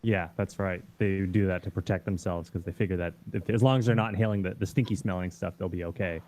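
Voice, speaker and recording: A man's voice: low voice, steady tone, quick pace, darkish tone. A man chatting casually as a guest, laughing as he talks. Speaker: guest artist. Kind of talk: casual chat.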